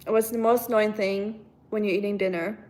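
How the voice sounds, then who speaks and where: A woman's voice: medium pitch, fairly even intonation, normal speed, darkish tone, a little hiss or hum. A young woman from Germany, casually chatting and answering her live chat as a streamer, with lots of fillers. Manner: chatty, reads chat aloud, many fillers. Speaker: livestream host.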